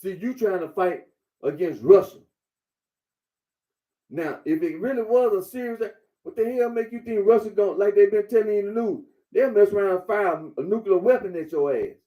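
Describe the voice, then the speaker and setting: Man, blunt lecturing monologue, repeats himself, high-ish pitch, dark mellow tone. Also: moderate pace. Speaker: commentator. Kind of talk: casual monologue.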